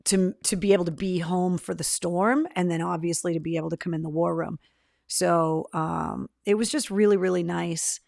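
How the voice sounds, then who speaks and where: A woman's voice: on the low side, creaky, no room sound, clean studio sound. A woman host in casual livestream chat, rambling and chatty with many fillers. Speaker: radio host.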